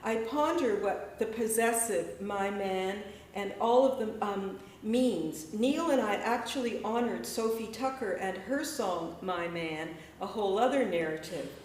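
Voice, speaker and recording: A woman poet giving a measured, deliberate poetry reading and spoken-word performance in a gallery. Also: mid-range voice, a little mellow, slight background noise. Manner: measured, deliberate, rhythmic delivery. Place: echoey gallery hall. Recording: echoey room, mic far away.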